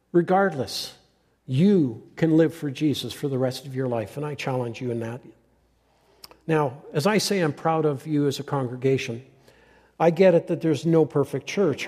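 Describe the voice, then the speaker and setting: An older man preaching a farewell sermon as the pastor, earnest and halting, with frequent restarts. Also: on the high side, dark tone, in a large hall.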